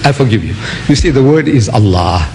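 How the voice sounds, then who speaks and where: A man's voice: mid-range voice, lively intonation, brisk, darkish tone, a little hiss or hum. A man from India, giving a theatrical public religious lecture, spelling out words and mimicking others.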